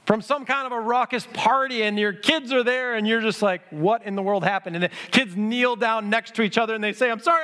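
A man's voice: very high-pitched, sharp tone. A middle-aged male pastor giving a conversational sermon, acting out quotes and leading the congregation in responses. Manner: conversational preaching with acted quotes and audience prompts.

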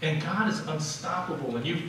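Man, pastor preaching, chatty and animated delivery, fairly high voice, echoey hall, heard from a distance. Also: normal speed, a little hiss or hum. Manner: conversational, animated storytelling with repeated restarts. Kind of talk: sermon. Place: large church sanctuary. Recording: echoey hall recording from far off.

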